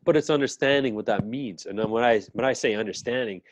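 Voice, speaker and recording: A man's voice: mid-range voice, quick pace, dry recording. Middle-aged guy telling a story, acts out everybody's lines, dry close sound. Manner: animated storyteller acting out quotes. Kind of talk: casual chat.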